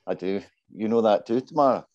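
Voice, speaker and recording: A man's voice: fairly low pitch, a little fast, a little mellow, highs cut off. A man in his forties speaking as a panelist in casual panel talk, modest and self-deprecating. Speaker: panelist, business development lead.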